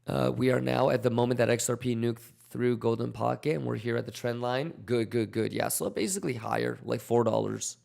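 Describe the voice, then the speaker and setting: A man's voice: medium pitch, brisk, vocal fry, hardly any pauses, a little mellow. A man hosting a trading livestream, reading viewer questions aloud and coaching them in a casual, slangy way with many fillers. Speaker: crypto trading livestream host. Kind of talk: livestream chat reading and market commentary.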